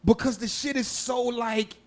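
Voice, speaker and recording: A man's voice: very high-pitched, fairly even intonation, measured pace. Loose, profane Texan man chatting. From Texas. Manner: loose, profane, laughing storyteller. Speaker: podcast co-host. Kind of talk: casual chat.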